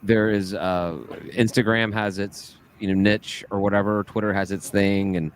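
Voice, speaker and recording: Low-voiced easygoing man chatting. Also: flat delivery, normal speed, slight background noise. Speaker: podcast co-host. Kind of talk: casual chat.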